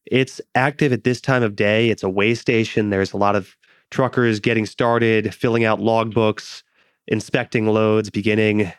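A man narrating a tabletop game as game master, in a relaxed, descriptive way. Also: fairly low pitch, moderate pace, smooth, no echo, studio quality. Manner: relaxed, descriptive, laughs easily.

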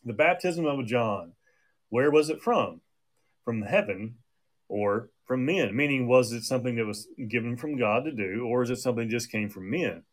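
A man's voice: medium pitch, lively intonation, moderate pace. A man preaching a sermon in a conversational way, often restarting his sentences, with an occasional cough. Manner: conversational with frequent restarts and fillers.

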